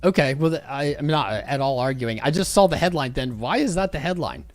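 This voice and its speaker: A man hosting a crypto live stream, chatting casually and shouting out viewers with a loose, jokey manner that jumps in pace and loudness. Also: on the high side, lively intonation, fairly quick, dry recording, faint music behind. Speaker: crypto livestream host.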